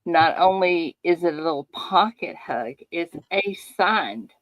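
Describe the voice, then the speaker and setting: Slow, low-pitched playful woman host. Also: animated, dry recording, poor audio. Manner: playful, sing-song showman patter. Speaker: host of a live coin giveaway show. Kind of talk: casual live-stream chat.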